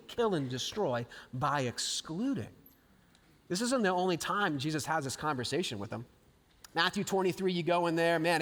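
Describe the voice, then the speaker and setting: A man preaching a live sermon, animated, acting out scripture quotes and swinging between loud and hushed lines. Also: high voice. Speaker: pastor. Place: large church auditorium. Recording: live sermon with long hall reverb.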